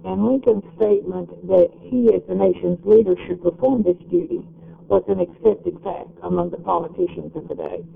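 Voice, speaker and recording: A man giving an explanatory lecture in a measured, step-by-step way. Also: high-pitched, creaky, phone-quality sound.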